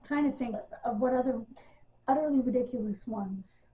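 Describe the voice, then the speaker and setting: A woman ranting in a casual, exasperated way, pausing on ums and scoffing with sarcasm. Her voice sits a bit high. The sound is narrow and tinny, like a phone line. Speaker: wrestling news vlogger.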